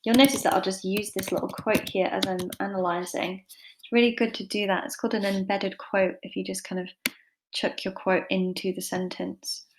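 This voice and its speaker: A woman's voice: medium pitch, level tone, normal speed, background noise. A woman giving a casual online English literature lesson, chatty and informal with lots of fillers and some self-deprecating humour.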